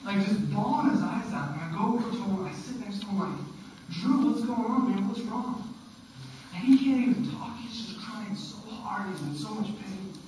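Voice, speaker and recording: A young man giving an animated storytelling sermon to students at a school event, often checking in with "okay?". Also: high voice, brisk, hardly any pauses, slight background noise. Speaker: youth speaker. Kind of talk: youth sermon. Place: school hall, live audience. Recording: echoey hall from far off.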